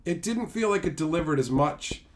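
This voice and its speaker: A man retelling a show excitedly in a casual live-stream review, reading out chat messages. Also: a little high, moderate pace, slight background noise.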